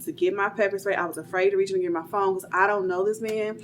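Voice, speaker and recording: A woman's voice: mid-range voice, steady tone, fast, slight background noise. A young woman casually telling a personal story, chatty and full of fillers, acting out what people said. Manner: chatty, retells dialogue, many "like" fillers.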